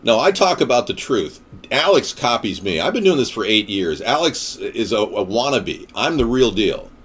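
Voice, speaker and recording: A man rants through a political monologue, combative and sarcastic, with a voice of ordinary middle pitch. He talks straight at the listener and jabs at his opponents. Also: very animated, normal speed, a bit bright, husky. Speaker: political commentator.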